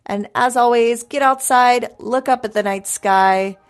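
A woman's voice: on the high side, measured pace. A young woman hosting a live space podcast, talking casually and upbeat with plenty of fillers. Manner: chatty, upbeat, many fillers. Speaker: podcast host.

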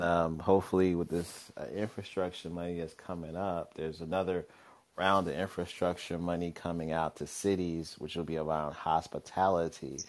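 A man co-hosting a podcast in casual chat, animated and laughing often, slipping into playful voices. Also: sits low. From Philadelphia. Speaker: podcast co-host.

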